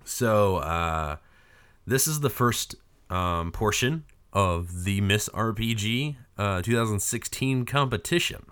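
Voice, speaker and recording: A man hosting a podcast in casual chat, hoarse from a cold, joking crudely and rambling. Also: on the low side, animated, takes it slowly, a bit bright. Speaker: podcast host.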